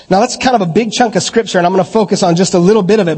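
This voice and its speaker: A middle-aged man preaches a sermon in a church, his voice husky and pitched fairly high. He swings between loud, animated preaching and relaxed storytelling full of restarts. Long reverb trails each phrase through the hall. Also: very fast, hardly any pauses. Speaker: pastor.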